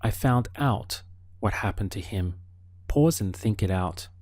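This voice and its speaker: Guy running a language lesson, slow and patient, lowish voice, dry booth sound. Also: animated, darkish tone, dry recording. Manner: slow, patient prompting with pauses for the learner. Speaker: language teacher.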